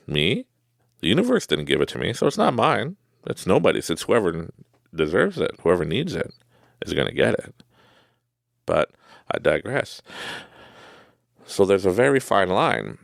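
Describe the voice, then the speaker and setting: A man's voice: sits low, wildly swooping pitch, normal speed, vocal fry, pauses often, no room sound, clean studio sound. A man hosting a podcast, telling casual, rambling stories, laughing often and acting out quoted people. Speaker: podcast host. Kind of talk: casual storytelling monologue.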